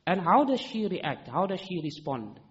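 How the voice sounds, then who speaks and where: A high-pitched male preacher delivering an emphatic sermon and answering his own rhetorical questions. His voice rings through a long hall reverb. The recording sounds dull and muffled. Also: very animated, moderate pace.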